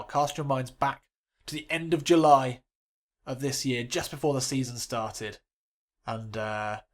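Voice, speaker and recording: Rambling self-mocking man gaming host. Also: medium pitch. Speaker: game channel host. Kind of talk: casual game commentary.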